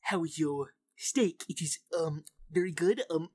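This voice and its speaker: A woman's voice: deep voice, a little slow, mellow, slightly rough. Woman playing awkward, hesitant nerdy man on a date. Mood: nervous. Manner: fumbling, hesitant.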